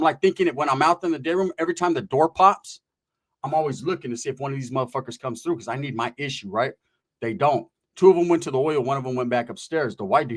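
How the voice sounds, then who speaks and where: A man from California telling a story in casual chat, with rapid, profane, animated street slang. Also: medium pitch.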